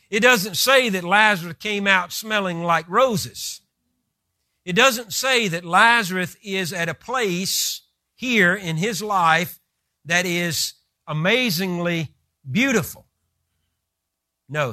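A man's voice: high-pitched, pushed and bright, no echo, clean studio sound. A man preaching a sermon who retells scripture with vivid, rising emphasis.

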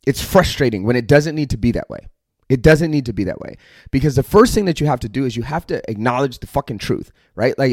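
A middle-aged American man talks straight into a close podcast mic, his voice dry with no room around it. He lectures in a blunt, confrontational way, cursing freely and pressing hard on every point, at an average pitch. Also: a little mellow, dry recording. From United States. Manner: profane, aggressive, confrontational. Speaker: podcast host. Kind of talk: blunt motivational monologue.

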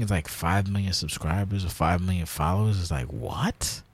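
A man's voice: on the low side, moderate pace, hardly any pauses, darkish tone, husky. A man hosting a casual solo podcast monologue, rambling and blunt with heavy swearing, grouchy in tone. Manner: self-described grouchy, blunt. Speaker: podcast host.

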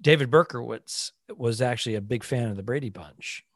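A man's voice: medium pitch, a little fast, no echo. A man with a mid-range voice riffs on a comedy podcast, spinning straight-faced absurd bits. The sound is close and dry, with no room around him. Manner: deadpan, riffing on jokes with mock seriousness. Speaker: podcast co-host. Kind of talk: casual comedy podcast chat.

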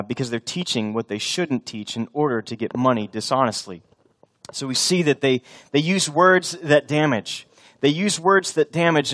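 A male pastor preaching a sermon, emphatic and animated, slipping into acted-out voices for imagined scenes. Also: mid-range voice.

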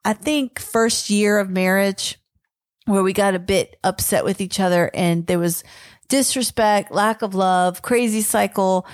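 A woman co-hosting a Christian marriage podcast, telling a story in a casual, animated way and acting out quoted lines. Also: medium pitch, unhurried, no echo, clean studio sound. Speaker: podcast co-host.

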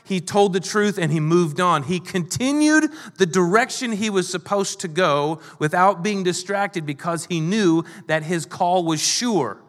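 A male pastor preaching a sermon, moving between emphatic and quiet delivery. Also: high-pitched, measured pace, few pauses, big-room sound.

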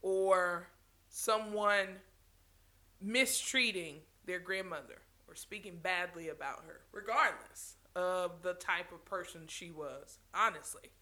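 A woman's voice: on the low side, takes it slowly, pushed and bright. A woman speaking passionately to her viewers in a motivational talk, stopping and restarting phrases and laughing now and then.

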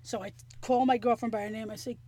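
A woman telling a story in casual chat, animated and profane, acting out the things people said. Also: fairly high pitch, fast talker. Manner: animated, profane, acts out quotes.

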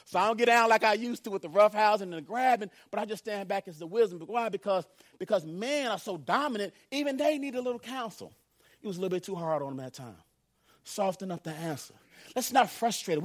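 High-voiced preacher in his fifties. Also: animated, a little fast. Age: 50s. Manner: swings from loud emphatic calls to hushed pleading; conversational, laughing, repeats phrases for emphasis. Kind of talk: sermon.

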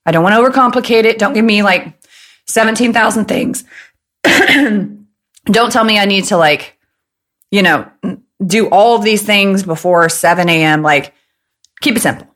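Hosting her own casual podcast, a woman likely in her thirties from the American Midwest tells stories quickly, chatting and joking throughout. She speaks at a medium pitch with a bit of brightness.

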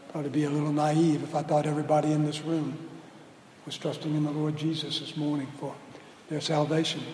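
A man preaching a sermon as pastor, slow and deliberate, building to loud emphatic peaks. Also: on the high side, slight background noise. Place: church sanctuary. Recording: roomy hall reverb with faint ambience.

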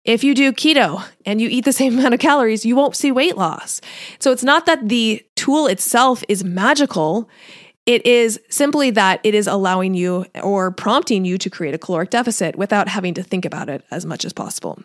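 In a clean studio recording with no room sound, a woman talks through diet and nutrition coaching on her own podcast. Her mid-range voice is expressive and brisk; she keeps things conversational, laughing lightly and voicing what listeners might be thinking.

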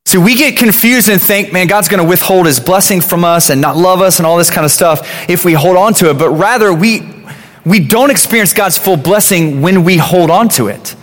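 A man in his thirties gives a relaxed, chatty sermon, stumbling over and repeating his words as he goes. His voice sits a bit high for a man. Long reverb from a large church hall trails after every line. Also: normal speed. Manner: conversational, repeats words, many "you know" fillers. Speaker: pastor.

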